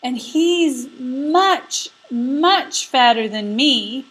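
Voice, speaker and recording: A woman's voice: sits high, lively intonation, very slow, fairly bright tone, husky, voice pushed up, exaggerated voice. A woman doing a timid bleating billy goat. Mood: pleading. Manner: stammering, bleating.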